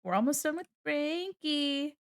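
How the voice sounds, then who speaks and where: A young woman VTuber with a high-pitched, lively voice chats casually with her viewers and giggles while she draws on a live stream, unhurried, with a slight valley-girl lilt. She admits she sounds a bit like a valley girl. The recording is dry, with clean studio sound.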